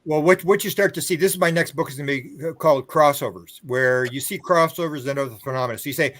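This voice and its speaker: A man's voice: fairly high pitch, quick pace, fairly bright tone. An older man, a guest author and researcher, telling long rambling stories in a casual interview. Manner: rambling storyteller who acts out other people's words.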